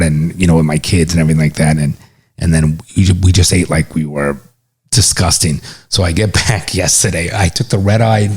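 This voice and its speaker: A middle-aged man co-hosting a podcast in casual, relaxed chat, swearing freely. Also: low voice, husky. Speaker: podcast co-host, father.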